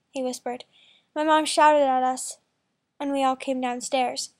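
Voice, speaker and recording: A woman reading a first-person fan fiction story aloud in a plain, quick way. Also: sits high, fairly even intonation. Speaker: story reader.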